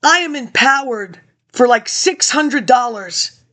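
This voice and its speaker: Woman in her 50s, high voice, vlogger talking to camera, tangential and chatty. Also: animated, slow pace, a bit bright. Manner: rambling, jumps between tangents, addresses viewers directly. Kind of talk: rambling personal monologue.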